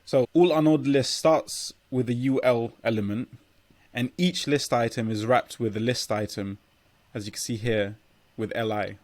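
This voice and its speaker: A man at a middle pitch gives a coding tutorial, recorded close and dry with no room sound. He explains step by step and sometimes restarts a phrase while typing. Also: a little mellow, dry recording.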